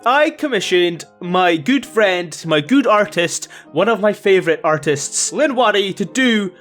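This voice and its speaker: A man's voice: sits high, lively intonation, a little slow, fairly bright tone, faint music behind. A man hosting a casual reaction vlog, chatty, laughing often and swearing mildly. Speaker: YouTube host.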